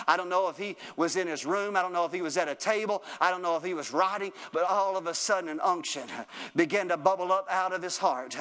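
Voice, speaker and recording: A preacher with a high-pitched voice delivers a sermon in rolling, repeated phrases. He calls out to his congregation and pushes up into a fervent, raised delivery. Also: sharp tone. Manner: rhythmic repetition, calls out to the congregation.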